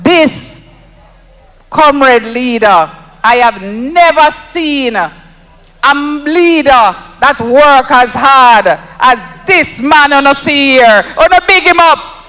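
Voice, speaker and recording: A man's voice: very high-pitched, expressive, takes it slowly, pushed and bright, in a large hall, rough recording. A Jamaican man giving an emphatic, rousing campaign speech at an outdoor rally, repeating lines for effect. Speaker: political speaker at a rally.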